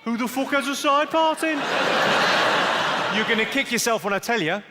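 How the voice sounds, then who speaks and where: A male stand-up comedian, delivering deadpan one-liners with quick asides to a live audience. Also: extremely high pitch, long reverb tail, heavy background noise. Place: large theatre stage with audience. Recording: live theatre recording, loud audience. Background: loud audience laughter.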